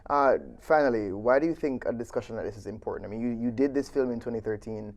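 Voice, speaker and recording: Fast-talking man interviewer. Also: medium pitch, a little mellow. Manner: quick, conversational questioning. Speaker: interviewer, student radio host. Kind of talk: radio interview questions.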